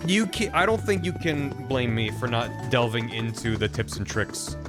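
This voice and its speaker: A man's voice: medium pitch, moderate pace. Man chatting through a game stream. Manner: rambling, thinking aloud, reads game text aloud. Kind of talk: casual gameplay commentary. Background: game music.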